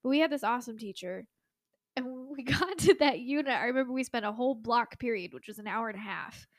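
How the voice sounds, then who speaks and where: Podcast co-host, woman in her 20s, chatty and giggly, slightly high voice. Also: fast, dry recording, clean studio sound. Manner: chatty, giggly, many "like" fillers. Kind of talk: casual chat.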